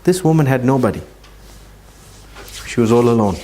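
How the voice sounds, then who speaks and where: Man giving a religious talk, warm mellow voice, slows down to stress points, faint hiss. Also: mid-range voice. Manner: earnest storyteller, slows for emphasis. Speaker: Islamic speaker.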